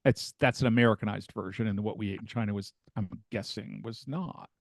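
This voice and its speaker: A man's voice: on the low side, steady tone, fairly quick, creaky, dry recording. An older man, the father, chatting casually and telling rambling stories while acting out what people said. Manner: rambling storyteller who acts out quoted voices. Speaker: podcast guest, the father. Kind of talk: casual family chat.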